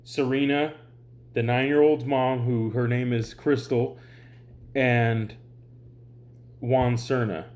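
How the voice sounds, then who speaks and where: Slowly and with long pauses, a man with a mid-range, darkish voice keeps a steady tone while ranting to viewers. He's an exhausted online commentator lacking sleep, and his heated vlog rant is rambling, exasperated and full of swearing.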